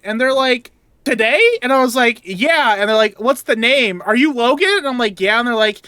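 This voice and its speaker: A man's voice: very high-pitched, brisk, clear, resonant tone, no echo. Man ranting through a story. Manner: animated storytelling, swears, gets louder as he vents. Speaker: podcast co-host. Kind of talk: casual chat.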